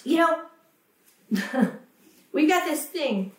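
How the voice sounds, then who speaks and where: A woman's voice: high-pitched, animated, moderate pace. A woman preaching a sermon with passion, acting out the voices of the people she quotes and repeating words for emphasis. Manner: impassioned, acts out quoted voices, emphatic repetition. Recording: echoey room, voice from a distance.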